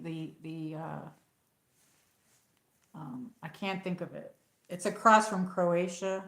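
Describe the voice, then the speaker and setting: This livestream host has a lowish voice and chats loosely, filling her answers to viewers' comments with lots of verbal fillers. The audio is poor, with a roomy sound.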